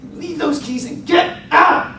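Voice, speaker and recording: A man voicing a gruff, menacing young male carjacker who barks threats, heard from a distance in an echoey hall. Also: very high-pitched, quick pace, a little hiss or hum, pitched above the performer's own voice. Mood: menacing shouts. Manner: barking threats.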